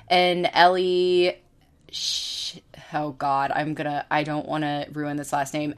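Halting woman reading aloud. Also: on the low side, smooth. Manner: halting, lots of ums and self-corrections. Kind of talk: reading an article aloud, casual chat.

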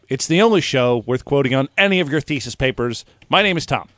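A man's voice: mid-range voice, animated, fairly quick, hardly any pauses, a bit bright, no echo. A young man hosting a casual comedy podcast, easygoing and teasing his co-hosts. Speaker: podcast host.

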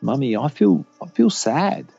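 Brief: man putting on a tiny, wistful toddler boy voice, lifted high. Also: big pitch swings, measured pace, creaky, dark tone, slightly rough, lo-fi sound, faint music behind, full character voice. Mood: sad. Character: small boy, two-year-old, gentle and sad.

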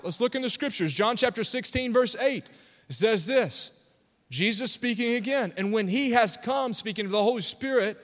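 A man preaching a sermon to a congregation, emphatic and calling for responses. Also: extremely high pitch. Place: church sanctuary. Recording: long reverb of a large hall.

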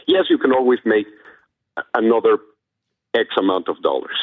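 A man's voice: fairly low pitch, expressive, moderate pace, pauses often. A man from Mexico calling in to a show, hesitant and agreeable, often repeating his words. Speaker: caller. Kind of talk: casual call-in chat. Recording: phone line.

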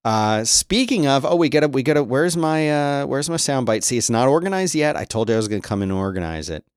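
A man's voice: medium pitch, expressive, fast talker, smooth, no echo, clean studio sound. A middle-aged man hosting a show, chatting casually about the news and breaking into exasperated rants as he reads articles aloud. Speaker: podcast host.

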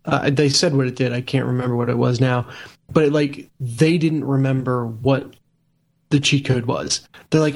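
A man with a middle-pitched voice chats casually with friends. He laughs easily and fills his stories with loose asides. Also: steady tone, normal speed, a little mellow. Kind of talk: casual chat.

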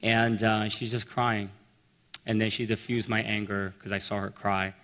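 A man telling a personal story in a sermon, animated and acting out the voices of the people in it. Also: fairly low pitch, moderate pace. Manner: animated storyteller, acts out quotes. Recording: long reverb in a large hall.

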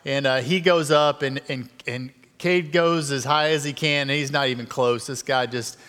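A man's voice: mid-range voice, steady tone, moderate pace, a bit bright, long reverb tail. A middle-aged man telling a personal story in a conversational, self-deprecating way as a guest speaker in a church sermon. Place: church sanctuary.

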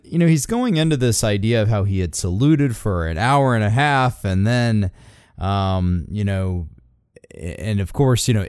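A man giving casual commentary on a speech clip, relaxed and full of fillers. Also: medium pitch, no room sound, clean studio sound. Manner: relaxed, many fillers, breaks off to mimic quotes.

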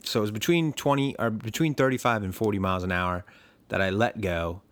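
A man's voice: on the low side, a little fast, a bit bright. A man telling a story in casual podcast chat, chuckling often and rambling with lots of fillers.

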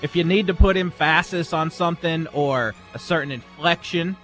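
A man co-hosting a radio show, joking in a dry, deliberate way during casual banter. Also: a little high, fairly bright tone, faint music behind. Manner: dry, deliberate, wry humor. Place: radio studio.

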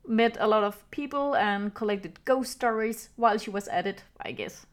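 A woman playing a student podcaster who chats hesitantly and then reads a ghost story aloud in a steady voice. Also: mid-range voice, moderate pace, lightly acted. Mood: casual.

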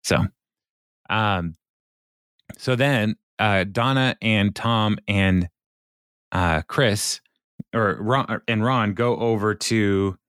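A man's voice: fairly low pitch, very slow, pauses often, a bit bright, clean tone, no echo, clean studio sound. A man co-hosting a podcast, retelling scenes in a rambling casual way and chuckling often. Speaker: podcast co-host. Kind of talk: casual chat.

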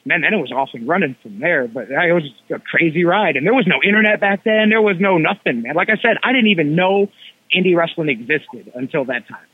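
A man guest on a wrestling podcast, telling stories in a casual, animated way, acting out what people said with slangy asides. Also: a little high, a little fast, slightly rough, dry recording. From Cleveland area. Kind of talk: casual storytelling chat. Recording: tinny phone line, dry.

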